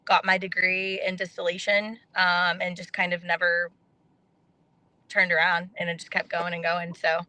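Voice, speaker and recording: A young adult woman from North Texas, chatting casually as a guest on a podcast and telling her story in a relaxed way. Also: lowish voice, normal speed, no room sound. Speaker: contestant guest.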